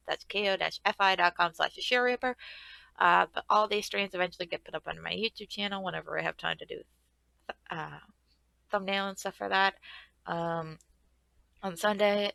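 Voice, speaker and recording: A woman's voice: on the low side, creaky, pushed and bright, dry recording, low-quality recording. A woman streamer chatting casually and rambling through a friendly sign-off. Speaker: game streamer.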